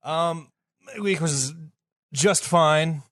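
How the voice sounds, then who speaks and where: A man co-hosting a podcast in casual chat, with wry comments and quick exclamations. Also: on the high side, a bit bright, dry recording, clean studio sound. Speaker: podcast co-host.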